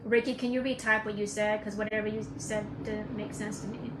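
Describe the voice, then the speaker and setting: A woman's voice: mid-range voice, little pitch movement, brisk, echoey room, very noisy. A woman giving casual spiritual advice on a live stream, emphatic and preachy, repeating her points. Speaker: spiritual teacher.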